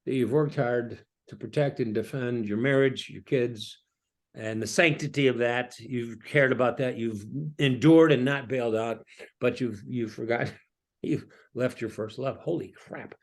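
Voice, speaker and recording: A middle-aged man, a pastor, talking through a reflective sermon-style message with many ums and restarts. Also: mid-range voice. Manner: halting, with frequent ums and restarts. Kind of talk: reflective preaching talk.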